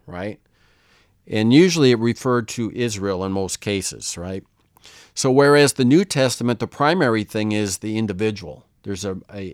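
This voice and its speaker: A man's voice: fairly low pitch, no echo, clean studio sound. Plain-spoken male Bible teacher. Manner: conversational, asks "right?" often.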